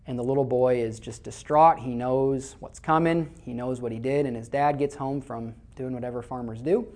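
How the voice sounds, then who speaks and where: A man's voice: mid-range voice, steady tone, normal speed, darkish tone. Conversational man preaching a sermon. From Iowa, USA. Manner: conversational storytelling, repeats words when starting phrases. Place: church before a live congregation.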